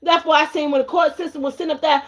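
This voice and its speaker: On her tarot livestream, a fairly high-voiced woman talks very fast in a steady tone, cursing and swaggering. She confronts viewers with taunting questions, calling out to them, says things twice, and laughs at them mockingly.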